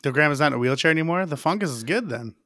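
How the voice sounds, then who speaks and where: A man's voice: a little high, animated, racing, pushed and bright, dry recording, clean studio sound. A man co-hosting a podcast, cutting in with wry, joking questions. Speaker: podcast co-host. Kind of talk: casual chat, reacting.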